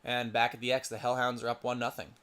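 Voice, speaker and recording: A man's voice: medium pitch, monotone, quick pace, fairly bright tone. A young man doing casual solo play-by-play for a simulated lacrosse game, stumbling over player names and muttering asides to himself.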